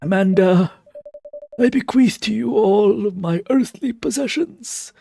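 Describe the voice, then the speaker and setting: A man's voice: high voice, unhurried, creaky, dark tone, husky, no room sound, clean studio sound, soft background music, pitched above the performer's own voice, exaggerated voice. A man reading aloud a single dad in a visual novel, pretending to die with theatrical, mock-tragic speeches. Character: melodramatic single dad playing dead.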